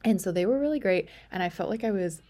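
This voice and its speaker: A woman's voice: medium pitch, lively intonation, fast talker, mellow. A young woman podcast host telling a personal story in a chatty way, full of fillers, sometimes dropping to a whisper.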